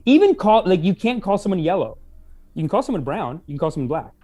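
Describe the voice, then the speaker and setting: A man's voice: sits high, big pitch swings, quick pace, warm tone. A man co-hosting a podcast in casual chat, joking and laughing often. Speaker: podcast co-host.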